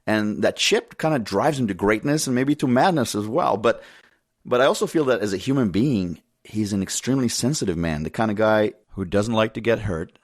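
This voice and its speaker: A male interview host offers his thoughtful, opinionated take in a measured way. His voice is low. The sound is dry and close. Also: animated, dry recording.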